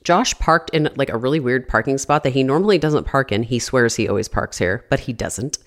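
A podcast host in her thirties tells a story casually in a bass voice, speaking a little fast. She's chatty, constantly says "like," and swears frequently.

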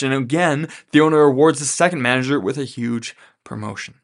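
A man's voice: on the high side, a little fast. A man hosting a podcast, teaching about money from a Bible story in a casual way and often checking in with "right?". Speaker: podcast host.

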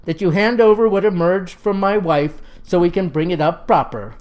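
A woman's voice: fairly low pitch, normal speed, a little mellow, natural voice. A woman voicing an earnest, stubborn young male farmer who talks in folksy, old-fashioned country phrasing. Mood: insistent.

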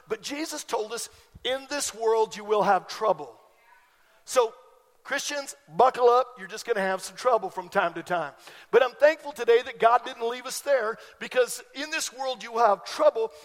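High-voiced preacher in a reverberant hall. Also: male voice. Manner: animated preaching with rising emphatic peaks. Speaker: pastor. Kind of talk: sermon. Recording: long reverb of a large hall.

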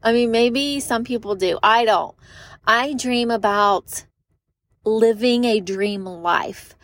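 A woman's voice: fairly high pitch, takes it slowly, fairly bright tone, dry recording, studio quality. A young woman giving a chatty, emphatic motivational talk about business, often laughing and acting out quoted voices. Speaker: online business coach.

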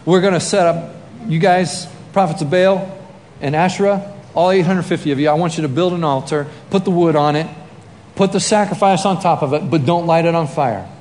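An animated male preacher with a high voice tells stories in a sermon, acting out scenes with shouts and sound effects. He speaks a little fast in a large hall with long reverb and faint ambience, and there's a slight hiss or hum.

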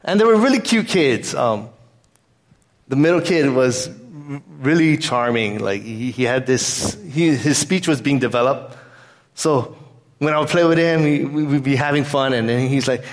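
A man's voice: medium pitch, normal speed. A man pastor giving a sermon in an earnest, conversational way, weaving in a personal story.

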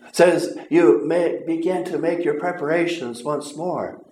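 A man preaching a sermon in a slow, deliberate way, often stumbling over his words and stopping to pause. His voice sits a little high for a man. It rings out in a roomy, echoing space. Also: steady tone, darkish tone. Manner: earnest, halting, with repeated words and long pauses. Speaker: pastor. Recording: roomy echo.

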